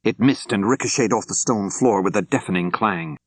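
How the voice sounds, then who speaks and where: An older man narrating an audiobook in a measured, clear storytelling manner, close to the microphone. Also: lowish voice, dry recording. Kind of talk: scripted narration. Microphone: close studio mic.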